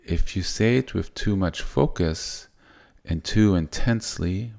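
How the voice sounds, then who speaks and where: A man giving a gentle spiritual teaching in a soft, unhurried way that wanders and restarts. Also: deep voice, gravelly.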